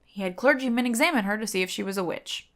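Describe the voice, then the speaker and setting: A woman's voice: medium pitch, fast, fairly bright tone. A woman co-hosting a podcast, chattily telling a history story with lots of digressions. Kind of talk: casual chat.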